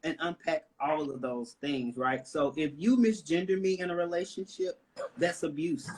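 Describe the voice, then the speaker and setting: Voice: medium pitch, normal speed, a little mellow, slight background noise. A panelist with a Southern US accent speaks with emphasis in a panel discussion, often asking "right?" and "you know?". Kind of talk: impassioned panel talk.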